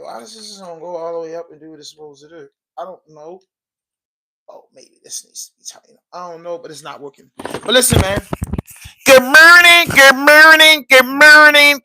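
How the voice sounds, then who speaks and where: A man's voice: fairly high pitch, a bit bright, dry recording, rough recording. A man hosting his own podcast vlog from home, chatting casually and rambling straight to his viewers. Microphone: portable camera.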